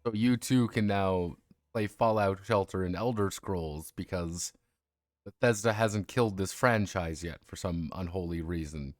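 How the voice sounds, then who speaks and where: A man with a somewhat low voice chats casually on a home livestream. He rambles and jokes at his own expense, often restarting his sentences. The sound is dry and close, with faint music underneath. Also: a little slow, no echo. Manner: rambling, jokey and self-mocking, with frequent restarts. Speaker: streamer discussing tabletop games.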